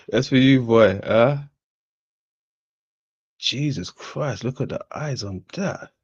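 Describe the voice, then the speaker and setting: A man giving casual reaction commentary in profane, laughing, slow, drawling remarks. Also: mid-range voice, husky, no room sound, lo-fi sound.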